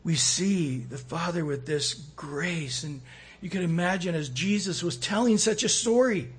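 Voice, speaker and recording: A man preaching a sermon, acting out quoted voices and swinging between loud and soft. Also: on the high side, unhurried, breathy edge. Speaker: pastor.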